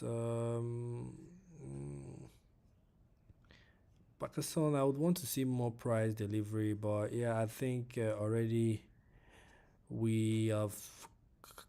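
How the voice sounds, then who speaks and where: A man's voice: on the low side, dark tone. A man commenting live on his forex trades, repeating himself and talking to viewers in the chat and to the price itself. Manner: repeats phrases, many fillers. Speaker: forex trading streamer. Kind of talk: live trading stream commentary.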